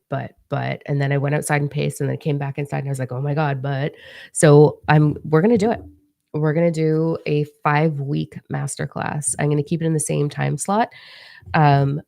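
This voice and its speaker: A young woman telling a story in a chatty, animated way, with casual swearing, as a spiritual teacher and author in a vlog. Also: low voice, vocal fry, no room sound, studio quality.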